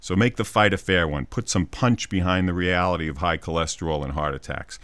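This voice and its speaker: A psychologist hosting a brief scripted segment paints a vivid everyday scene, acting out small quoted voices as he goes. His voice sits low and sounds a bit bright, with a brisk pace and a dry recording.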